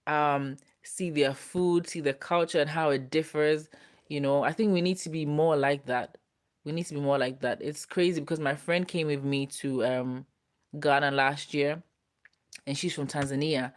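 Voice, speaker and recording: A woman's voice: low-pitched, moderate pace. A young woman, chatting casually on a live stream as she reads viewer comments. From United Kingdom. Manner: chatty, relaxed, talks straight to viewers. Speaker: host reading viewer comments.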